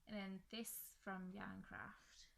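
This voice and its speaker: Young woman, casual crafting chat, gravelly voice, poorly with a chest infection. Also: mid-range voice, flat delivery, slow pace, a bit bright, slight background noise, low-quality recording. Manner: chatty, rambling, self-deprecating. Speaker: crafting podcast host.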